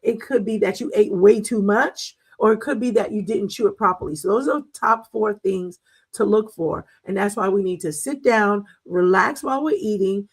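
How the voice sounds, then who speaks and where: Chatty middle-aged woman, gravelly voice. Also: medium pitch, normal speed, poor audio. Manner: chatty, storytelling, laughs often, many fillers. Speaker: wellness show host. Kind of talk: casual health talk.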